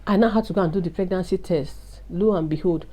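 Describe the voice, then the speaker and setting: A woman's voice: on the low side, fast talker, mellow. A woman, telling an emotional personal testimony and confiding in her viewers. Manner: earnest, confiding, addresses viewers as guys. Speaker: vlogger sharing a testimony.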